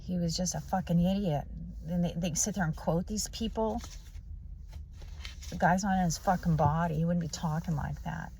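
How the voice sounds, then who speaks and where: A woman with a low, gravelly voice rants in a monologue on her vlog. She is blunt and preachy and swears constantly. The rasp of vocal fry runs through her talk. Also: steady tone, normal speed, mellow, slight background noise. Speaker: vlogger. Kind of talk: profane ranting monologue.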